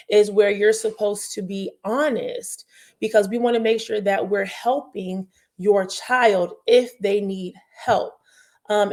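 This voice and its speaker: A woman's voice: mid-range voice, darkish tone. A young woman who works in early child care, talking casually to parents in a candid, rambling way with many fillers and restarts.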